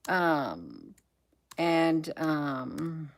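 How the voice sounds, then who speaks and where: Low-pitched and gravelly, this woman's voice swings widely in pitch and stretches out her words. She's a US livestream host who reads headlines aloud in a relaxed way, thinking aloud and drifting off with frequent ums.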